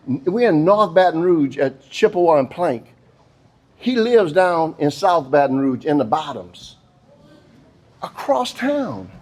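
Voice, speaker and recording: A middle-aged man, a police chief telling a folksy story to an audience. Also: high voice. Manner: folksy, addresses the crowd as y'all and baby. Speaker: police chief giving a speech.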